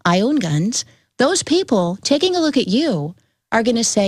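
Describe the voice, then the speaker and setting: A woman's voice: on the high side, big pitch swings, moderate pace, no room sound, clean studio sound. A woman guest on a talk show, speaking earnestly and firmly, with admiring praise for the host.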